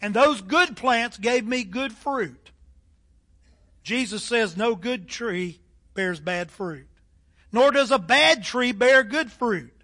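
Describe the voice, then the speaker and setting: Older preacher, high bright voice. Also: male voice, lively intonation, slow pace. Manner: emphatic preaching with rising and falling delivery. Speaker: pastor. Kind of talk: sermon.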